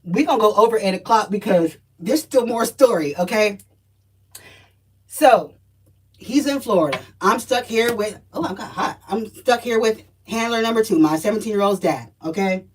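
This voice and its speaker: A woman's voice: medium pitch, lively intonation, normal speed, a little mellow, far from the mic, slight background noise, rough recording. A woman, telling her life story in a blunt, profane, emphatic vlog as a spiritual energy reader.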